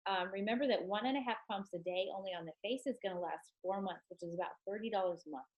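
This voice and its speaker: A woman's voice: mid-range voice, fast, highs cut off. A chatty, enthusiastic woman with a stuffed-up nose, talking casually to her team on a live stream, with many ums.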